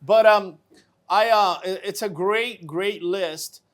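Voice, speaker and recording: A man's voice: high voice, slow pace. A man hosting a casual interview show, talking with enthusiasm and repeating words for emphasis. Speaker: show host.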